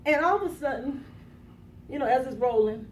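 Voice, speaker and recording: A woman's voice: sits high, animated, moderate pace, slight background noise. A woman motivational speaker telling a dramatic personal story, acting out the quotes with gasps and bursts of laughter. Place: conference room. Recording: echoey room from a distance.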